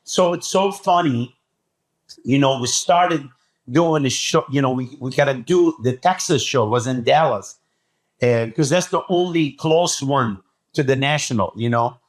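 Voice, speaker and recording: A man telling a story as a podcast guest, talking excitedly and acting out what people said. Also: mid-range voice, unhurried. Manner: acts out quoted dialogue, excitable. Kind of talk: animated storytelling.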